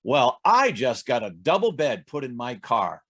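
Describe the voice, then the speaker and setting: A man's voice: medium pitch, very animated, measured pace, a bit bright. A man voicing a rich, competitive man in a luxury car, sounding proud and a bit stiff.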